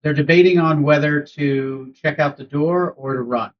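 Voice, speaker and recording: A man's voice: on the high side, moderate pace. A man narrating a tabletop game as game master, rambling with many fillers. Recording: dull lo-fi recording.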